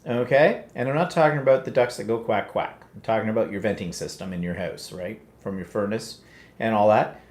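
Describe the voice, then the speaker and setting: A man's voice: mid-range voice, moderate pace. A man co-hosting a casual live chat show, teasing his co-host and steering the talk back on track. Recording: roomy echo.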